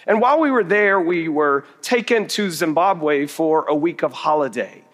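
In a reverberant hall, a middle-aged man delivers a storytelling sermon with humor, poking fun at himself. His voice is fairly high, expressive and fairly bright, moving at normal speed.

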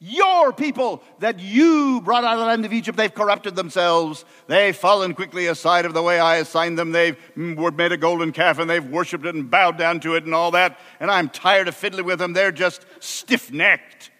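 A man's voice: high-pitched, normal speed, hardly any pauses, pushed and bright, in a large hall. A man voicing an exasperated, angry male God who speaks bluntly and colloquially.

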